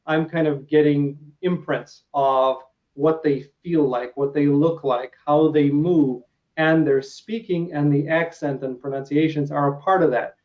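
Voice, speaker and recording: A man's voice: fairly high pitch, highs cut off. A man from Ukraine with a Russian accent, hosting an interview in a casual, hesitant way with many uh fillers. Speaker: interview host.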